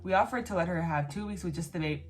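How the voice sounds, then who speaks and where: A woman with a slightly low voice reads posts aloud and reacts to them in a relaxed, unfiltered way. She is blunt, swears freely, and breaks into her own commentary between lines. Faint music plays in the background. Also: racing. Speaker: YouTuber reacting to online posts.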